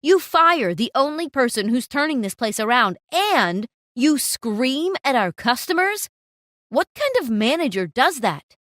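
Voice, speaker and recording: A woman's voice: sits high, big pitch swings, a little slow, a bit bright, no room sound, studio quality, full character voice. A woman voicing a stern, authoritative male cafe owner who scolds his manager, in a storytime narration.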